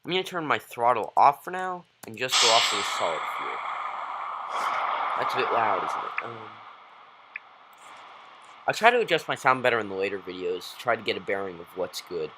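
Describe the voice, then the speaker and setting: A man giving rambling, excitable gameplay commentary as a YouTuber, talking straight to his viewers. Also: fairly low pitch, normal speed, pauses often, heavy background noise. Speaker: gaming YouTuber.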